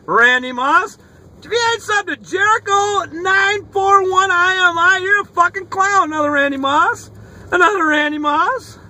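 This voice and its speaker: A man opening sports card mail in his car, talking in an excitable, profane, hollering way. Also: extremely high pitch, moderate pace, slight background noise. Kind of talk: casual card-opening vlog. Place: inside a car. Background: rock music playing faintly.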